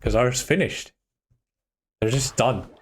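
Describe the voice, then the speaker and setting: A man's voice: mid-range voice, takes it slowly, faint music behind. Man calling a fighting game. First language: German. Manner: chatty, restarts sentences, excitable on big plays. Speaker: tournament commentator and organizer. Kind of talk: live esports commentary, casual chat.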